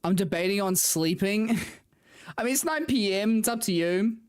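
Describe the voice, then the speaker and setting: A woman's voice: medium pitch, lively intonation, moderate pace, a little mellow, clean tone. A young woman racing driver streamer chatting casually with viewers, saying "like" a lot and laughing often. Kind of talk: casual livestream chat with viewers.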